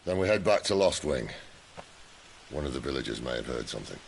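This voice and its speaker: A gruff rebel leader from a video game, dry and defiant. His gravelly voice sits very low but moves a lot in pitch. Faint clicks come through behind him. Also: sing-song, brisk, slight background noise, full character voice. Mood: steady.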